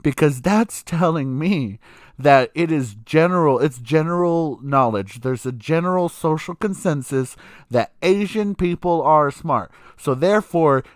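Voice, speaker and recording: A man's voice: a little high, dry recording, studio quality. A young adult man hosting a podcast, telling a story in a casual, sassy and profane way, laughing often. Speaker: podcast host.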